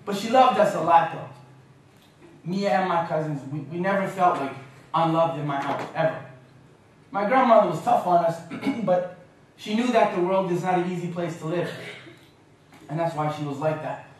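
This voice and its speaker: A man with a fairly high voice tells funny stories to an audience, lively and often laughing. His voice booms around a large, very echoey university hall, taken from well away from him, with a faint hum underneath. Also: normal speed, pauses often. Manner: animated, joking and laughing often. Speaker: guest speaker. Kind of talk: humorous storytelling lecture. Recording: echoey lecture hall from far off.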